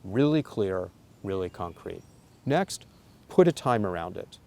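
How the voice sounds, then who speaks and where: A man's voice: sits low, sing-song, measured pace, vocal fry, a little mellow. A man giving an earnest, coaching talk to parents, stressing key points with emphasis. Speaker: parenting educator. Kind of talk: instructional talk to camera.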